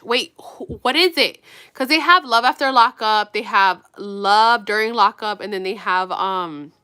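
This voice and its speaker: Bright-voiced, chatty woman vlogger. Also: mid-range voice, unhurried, clean tone. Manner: rambling, profane, gossipy storytelling; addresses viewers directly. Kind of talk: casual chat while getting ready.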